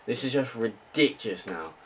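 A man's voice: mid-range voice, animated, normal speed, a bit bright, a little hiss or hum. A young man giving frustrated, ranting gameplay commentary that swears and repeats itself. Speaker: gaming video creator. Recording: faint music behind.

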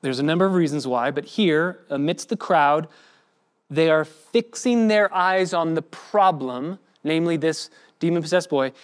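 A man's voice: fairly high pitch, a little slow. A man preaching a sermon as pastor, acting out the voices of the people he quotes. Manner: expressive preaching, acts out quoted speech.

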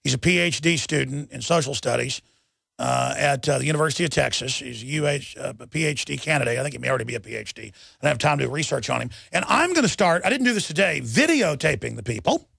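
A man's voice: mid-range voice, expressive, fast talker, creaky, a bit bright, husky, no echo. A man hosting a talk radio show, delivering an urgent, rambling monologue full of restarts into a studio microphone.

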